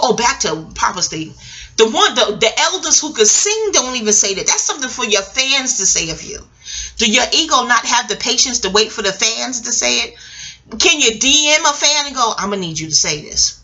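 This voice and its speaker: Lively, bright-voiced middle-aged woman rambling. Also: medium pitch. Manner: animated, digressive, laughs often, swears freely. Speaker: vlogger. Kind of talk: casual rambling commentary.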